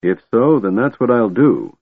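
A man voicing a resolute half-elf leader who speaks calmly and coldly, in a tinny audiobook recording. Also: medium pitch, normal speed, husky. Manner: calm and cold.

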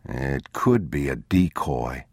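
A hardened, guarded father, played by a male narrator, talks in a very deep, clipped, unhurried voice. The reading is dry and close, with no room around it. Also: animated, no room sound, full character voice. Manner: low, terse and guarded.

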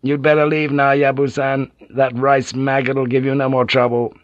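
A man's voice: mid-range voice, level tone, moderate pace, dry recording, pitched above the performer's own voice, natural voice. A man reading an audiobook, voicing a stern old samurai general who speaks bluntly and gives orders. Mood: commanding. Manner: blunt, commanding. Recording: dull, dry audiobook tape.

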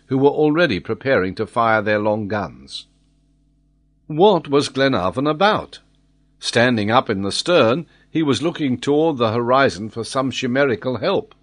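A man narrating a classic adventure novel with an expressive, dramatic reading. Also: medium pitch. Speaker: audiobook narrator.

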